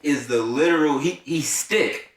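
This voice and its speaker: A man's voice: fairly high pitch, unhurried, distant mic. Wry man heard from off-mic in an echoey room. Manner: relaxed, wry quips and swearing. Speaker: podcast co-host. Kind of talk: casual film discussion.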